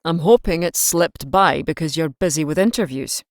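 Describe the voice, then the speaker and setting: Gruff male Scottish police chief voiced by a woman, sarcastic, audiobook, lowish, dry. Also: normal speed, dry recording, natural voice. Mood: stern. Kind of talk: audiobook character reading.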